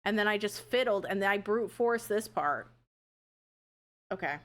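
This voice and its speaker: A woman's voice: medium pitch, expressive, normal speed, a bit bright. A young woman streamer chatting casually with viewers while playing a puzzle game, swearing and laughing often. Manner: chatty, swears, laughs a lot, shrieks when panicking. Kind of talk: casual live-stream commentary.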